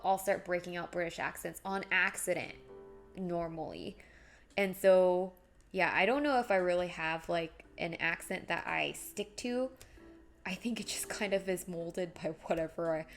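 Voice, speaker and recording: A young woman chatting casually on a live stream while crafting, rambling and reading out viewer messages. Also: fairly low pitch. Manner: chatty, rambling, reads chat aloud.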